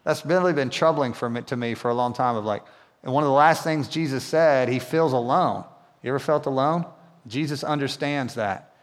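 A man's voice: medium pitch, normal speed. A man preaching a sermon in a casual, conversational way, often asking the congregation questions. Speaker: pastor. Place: church hall. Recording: long reverb of a church hall.

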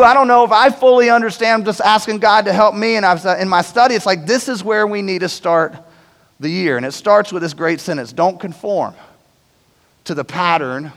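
A man preaching in a relaxed, conversational way, checking in with the room through repeated "right?" tag questions. His voice sits high for a man. The sound carries a long reverb, like a large church auditorium. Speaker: pastor. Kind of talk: sermon.

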